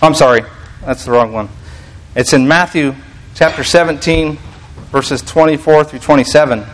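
A man's voice: on the high side, moderate pace, poor audio. Man giving a casual sermon. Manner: reads scripture aloud, frequent restarts, conversational asides. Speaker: preacher. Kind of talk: sermon teaching.

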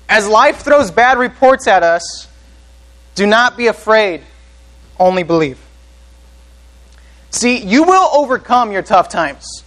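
High-voiced man preaching a sermon. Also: fairly bright tone, low-quality recording. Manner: earnest preaching, asks the congregation questions. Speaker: pastor.

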